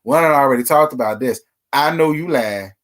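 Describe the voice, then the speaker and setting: A man with a medium-pitched, slightly bright voice talks fairly quickly as host of a casual reality TV gossip livestream. He's sassy and chatty, addressing viewers directly.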